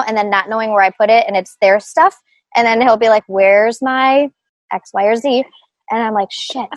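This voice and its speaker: A woman's voice: fairly high pitch, dry recording, dull audio. A middle-aged woman talking casually as an interview guest, laughing often and full of fillers and restarts. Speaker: guest, group practice owner.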